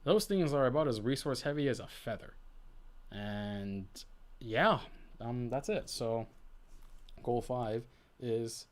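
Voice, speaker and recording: A man chatting casually on his own stream, rambling and thinking out loud, often restarting his sentences. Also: slow pace, long pauses. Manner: rambling, self-correcting, thinking aloud with many restarts; swings between low mumbles and bursts of high animated emphasis. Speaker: VTuber streamer. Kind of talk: casual solo stream chat.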